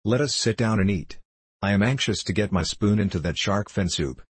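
A man reading the lines of a jovial, quick-witted man who speaks cheerfully. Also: on the low side, husky, no room sound. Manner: cheerful, hearty.

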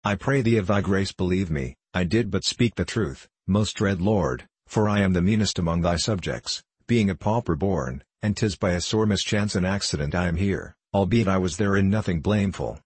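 A man voices a frightened pauper boy, humble and pleading in old-fashioned speech. The voice stays low and husky, with a dry, close sound. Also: normal speed, hardly any pauses, darkish tone, no room sound. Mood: timid, pleading. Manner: timid, pleading archaic speech.

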